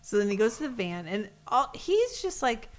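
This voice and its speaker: Lively chatty woman. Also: fairly high pitch, moderate pace. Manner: chatty, laughs often, lively storytelling. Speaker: co-host reacting to clips. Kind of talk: casual chat.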